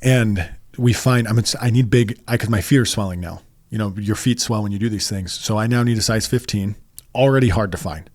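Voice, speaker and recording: Male guest, lower voice, halting and rambling storyteller, dry studio. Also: darkish tone, no room sound. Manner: rambling, halting, with many restarts and fillers. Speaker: podcast guest. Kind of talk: casual storytelling interview.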